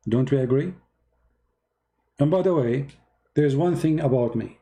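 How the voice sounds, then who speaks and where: Sarcastic man with a mellow voice. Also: mid-range voice, measured pace. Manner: sarcastic, emphatic, mocking; non-native English grammar. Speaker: religious debater. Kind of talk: mocking polemic commentary.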